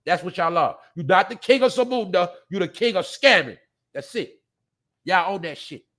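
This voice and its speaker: A man's voice: high-pitched, lively intonation, moderate pace, fairly bright tone. A man hosting a live show, ranting bluntly and profanely in a rambling way, often laughing. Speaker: podcast host. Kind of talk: casual live-stream rant.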